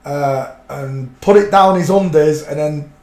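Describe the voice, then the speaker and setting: A man's voice: fairly high pitch, unhurried, a little mellow. A middle-aged man from a fishing town, hosting a livestream and telling rambling, colloquial anecdotes in casual chat. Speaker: livestream host. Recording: roomy echo.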